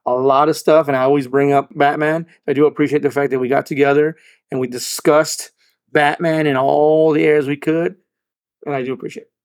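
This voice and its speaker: A man's voice: on the high side, little pitch movement, fairly quick, clean tone, no echo. Rambling male podcast co-host, dry sound. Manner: rambling, swears, repeats words. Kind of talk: casual chat.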